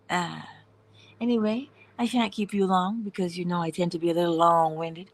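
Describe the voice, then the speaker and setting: Husky low-voiced woman preaching. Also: fairly quick, dry recording. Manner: animated, acts out dialogue in voices, drops to whispers. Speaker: host of a morning inspiration livestream. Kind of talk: inspirational spiritual talk.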